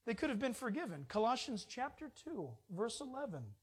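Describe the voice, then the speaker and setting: A man preaching an informal sermon in a folksy, jokey way, swinging from loud bursts to hushed asides. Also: very high voice, sing-song, moderate pace, husky.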